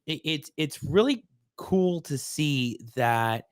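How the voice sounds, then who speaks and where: A man hosting a casual interview, affirming and halting, often restarting his sentences. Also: fairly high pitch, lively intonation, no echo, studio quality. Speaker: podcast host.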